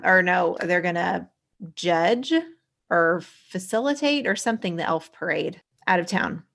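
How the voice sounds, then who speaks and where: A woman's voice: fairly low pitch, gravelly, a bit bright. A woman co-hosting a podcast, casually recapping a sitcom episode in a rambling way, correcting herself with ums and likes. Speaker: podcast co-host.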